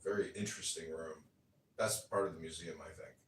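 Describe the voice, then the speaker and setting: A man's voice: low-pitched, fairly even intonation, a little fast, a bit bright, distant mic, slight background noise. A man with a Chicago accent hosting casual banter in a nasal, teasing way. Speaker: host. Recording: echoey room, off mic.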